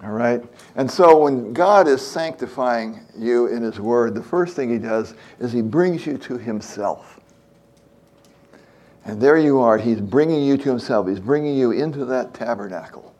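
A man's voice: medium pitch, a little slow. Older male pastor, easygoing preacher. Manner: relaxed, hesitant, many fillers, talks to young listeners. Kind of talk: conversational sermon.

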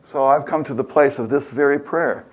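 An older man in his seventies preaches a conversational sermon in a plain, chatty way, his mid-range voice moving at normal speed. He is earnest, leans on repeated phrases for emphasis, and acts out prayers as he goes.

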